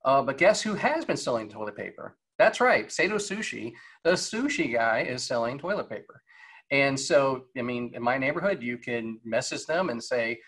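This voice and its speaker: A leadership guest speaker in his forties gives a casual motivational talk over a video call, packed with fillers and rhetorical questions. His mid-range voice is expressive and fairly bright, moving at a moderate pace.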